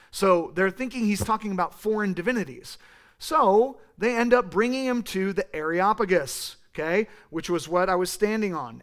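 A young man from California preaching a sermon in an animated, rambling way, with asides to the congregation. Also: high voice, moderate pace. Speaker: pastor.

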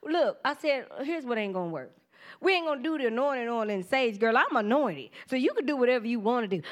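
Woman in her forties, high voice, casual sermon testimony, animated and chatty with the congregation. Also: normal speed. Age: 40s. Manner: animated storytelling, acts out quoted voices, laughs often; informal church talk, addresses the congregation directly. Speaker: preacher giving testimony.

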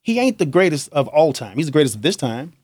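Young guy rambling on his podcast, bouncy pitch, dry close mic, jokey and loose. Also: fast, slightly rough, no room sound. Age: young adult. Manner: animated, joking, laughs often. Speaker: podcast host. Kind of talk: casual monologue.

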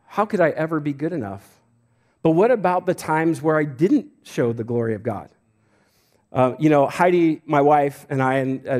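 A man's voice: mid-range voice, a little mellow. Chatty self-deprecating male preacher. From Idaho, United States. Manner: conversational preaching with restarts and self-deprecating jokes. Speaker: pastor. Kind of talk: sermon.

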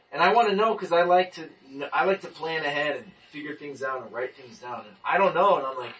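Animated young man, bright distant voice. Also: a little high, a little fast, few pauses. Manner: animated storyteller, restarts and repeats. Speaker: person giving a testimony. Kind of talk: casual testimony in a group talk. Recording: distant mic.

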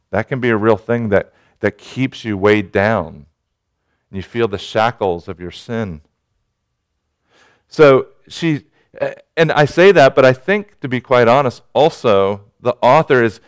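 A man preaching a sermon in an earnest manner, rising to urgent pleading and dropping to quiet reflection. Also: fairly low pitch, clean tone. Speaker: pastor.

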